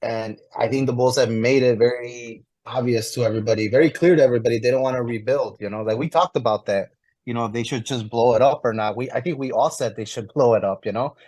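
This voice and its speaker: A man's voice: mid-range voice, fast talker, darkish tone, no room sound. A man with a mid-range voice talks through his view on a casual sports podcast. He reasons in a laid-back way, hedging with "you know." The sound is dry and close. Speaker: podcast co-host.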